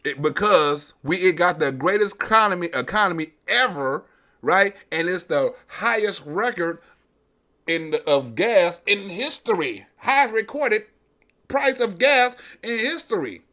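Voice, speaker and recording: A man's voice: high-pitched, animated, measured pace, sharp tone. A man hosting a livestream, delivering a profane, mocking comedic rant straight to his audience. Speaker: livestream host. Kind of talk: comedic political commentary rant.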